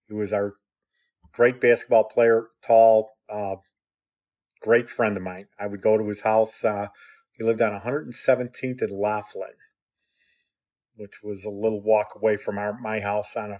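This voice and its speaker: A man's voice: fairly low pitch, a little mellow. A man telling a personal story in a conversational way, acting out quotes. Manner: conversational, acts out quotes with "I go, he goes".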